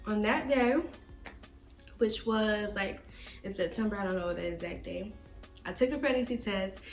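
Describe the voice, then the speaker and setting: A woman's voice: medium pitch, normal speed. A young woman co-hosting a casual vlog, telling a personal story in a chatty way with many restarts. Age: young adult. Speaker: vlog co-host. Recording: echoey room with faint music.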